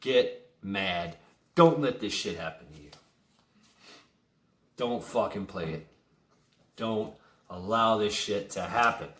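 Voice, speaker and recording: A man's voice: fairly low pitch, animated, slow, pauses often, fairly bright tone, slight background noise. Sarcastic swearing man in an echoey room. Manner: swears a lot, stammers and repeats words; sarcastic, chuckling asides. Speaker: vlogger. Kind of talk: profane casual monologue rant.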